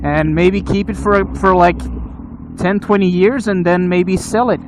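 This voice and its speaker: A man's voice: high voice, measured pace. A man hosting a motovlog channel, answering interview questions in a casual, rambling way and often restarting his words. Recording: loud traffic and engine noise.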